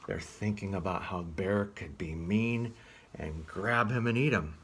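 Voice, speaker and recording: A man reading a picture book aloud as a children's librarian, gently asking the listener questions. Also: deep voice, a little slow, breathy edge.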